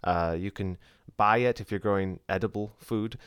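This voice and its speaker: A man's voice: on the low side, steady tone, moderate pace, fairly bright tone, clean tone, no echo, studio quality. A man co-hosting a podcast in casual, jokey conversation, chatting easily and laughing. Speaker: podcast co-host.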